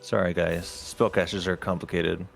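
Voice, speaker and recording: A man running a tabletop game as game master, pausing with ums while he checks rules. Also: sits low, level tone, vocal fry, soft background music.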